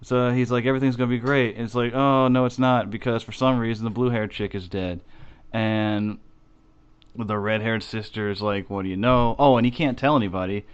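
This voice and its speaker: Profane rambling man, low and smooth. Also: brisk, dull audio. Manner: profane, rambling, animated retelling. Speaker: podcast co-host. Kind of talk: casual chat.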